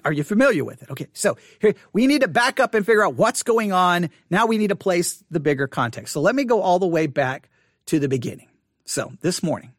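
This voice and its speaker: A man's voice: fairly high pitch, no room sound, clean studio sound. A man giving casual spoken commentary as a Christian commentator, rambling with frequent restarts and self-corrections.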